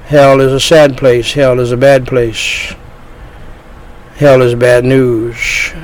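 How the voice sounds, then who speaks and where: A man preaching an evangelistic sermon, slow and deliberate, drawing out his phrases. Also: mid-range voice, level tone, rough recording.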